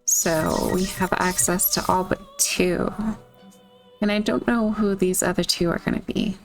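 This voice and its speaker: Young woman kinda tired, rambly with lots of ums, low-ish voice, music in the back. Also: fairly even intonation, a little slow. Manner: chatty and rambling, many fillers, hesitant. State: sleepy, just woke up. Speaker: story reader. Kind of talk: casual chat and reading a game story aloud.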